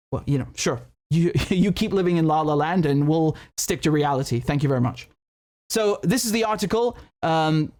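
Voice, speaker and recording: Emphatic high-voiced male commentator. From United Kingdom. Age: 30s. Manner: emphatic, rhetorical, frequent restarts. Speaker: political commentator. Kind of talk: solo livestream commentary.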